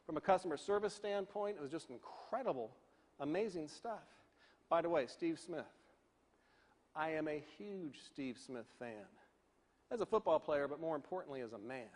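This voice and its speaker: A man from Northern Virginia giving a keynote speech, telling a story with animated delivery and acting out the voices of the people in it. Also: a little high, moderate pace, in a large hall. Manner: animated, acts out the voices of people in his stories. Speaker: keynote speaker.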